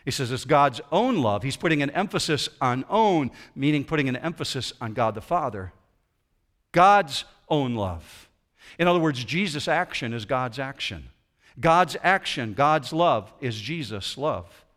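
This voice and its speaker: A man preaching a sermon as pastor in a church auditorium, swinging between loud emphasis and quiet intensity. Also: mid-range voice, expressive, moderate pace.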